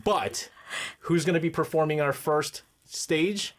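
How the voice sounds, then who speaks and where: A man's voice: on the high side, measured pace. A man hosting a radio show, chatting casually and talking straight to his listeners from the studio. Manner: animated, chatty, addresses listeners directly.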